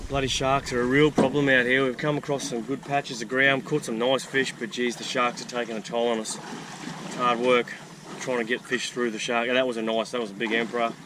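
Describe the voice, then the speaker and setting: A man with an Australian accent giving excited running commentary while fishing from a small boat, calling out each catch. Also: medium pitch, fairly quick. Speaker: fishing vlogger. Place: small boat on open water. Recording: wind and boat noise.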